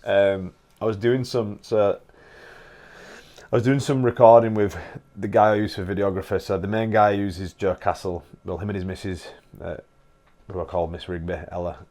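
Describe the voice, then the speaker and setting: A man's voice: lowish voice, little pitch movement, moderate pace, a little mellow. A man, a fitness coach guest, chatting casually with laughter and swearing. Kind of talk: casual chat.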